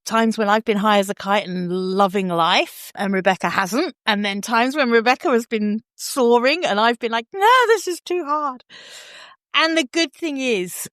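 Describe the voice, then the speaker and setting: A woman's voice: mid-range voice, normal speed, few pauses, a bit bright, no echo, clean studio sound. A middle-aged English woman hosting a podcast, chatty and effusive, laughing easily as she talks with her guest. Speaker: podcast host. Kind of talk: casual podcast chat.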